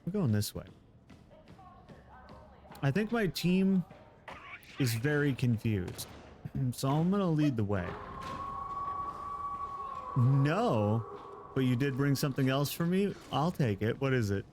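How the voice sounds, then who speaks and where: A man's voice: medium pitch, very animated, slow pace, long pauses, music in the background. A man streaming a game live, chatting with viewers and joking around. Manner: playful, joking, laughs often. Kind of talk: casual live gameplay commentary.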